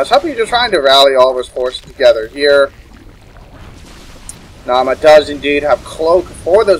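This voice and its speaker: A man's voice: a little high, slight background noise, poor audio. A young man giving casual solo commentary on a strategy game match, chuckling and correcting himself as he goes. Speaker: esports caster.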